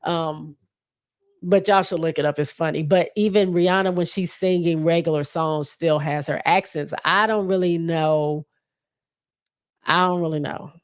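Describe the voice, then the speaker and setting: A woman hosts a relaxed solo podcast, talking straight to her audience in a loose, rambling way with plenty of ums and little laughs. Her voice sits low for a woman. The sound is dry and close, with no room around it. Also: a little slow, clean tone, no room sound. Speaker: podcast host. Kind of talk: casual solo livestream podcast.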